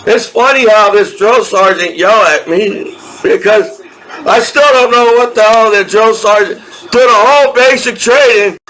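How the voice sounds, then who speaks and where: Very high-voiced man, slow and rambling. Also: a bit bright, rough recording. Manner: rambling, profane, laughs often between lines; repeats himself and restarts sentences. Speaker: army veteran. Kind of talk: casual rambling monologue.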